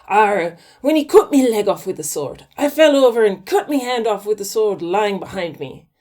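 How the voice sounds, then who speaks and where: A woman voicing a gruff old male pirate who growls his words. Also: medium pitch, expressive, normal speed, darkish tone, lightly acted. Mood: boastful. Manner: growling "arr" pirate talk.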